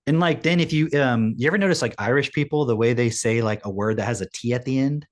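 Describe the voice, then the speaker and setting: A man in a casual reaction chat who gets animated, jumping up in pitch as he makes a point and swearing offhandedly. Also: quick pace. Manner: animated, rises sharply in pitch when making a point; swears casually, rhetorical questions. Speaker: co-host.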